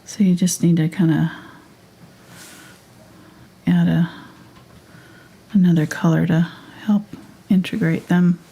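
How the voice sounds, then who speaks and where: A woman walks viewers through a live painting lesson in a soft, often half-whispered voice, keeping it chatty and unhurried. Her tone is dark and mellow with a gravelly, husky edge, and she talks slowly. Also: lowish voice, steady tone. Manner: casual, chatty asides. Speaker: painting instructor.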